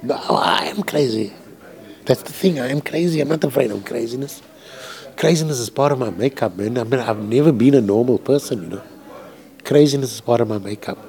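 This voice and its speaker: A man's voice: medium pitch, brisk, gravelly, darkish tone. A man, a composer, talking candidly and emotionally in a rambling, profane way from a hospital room.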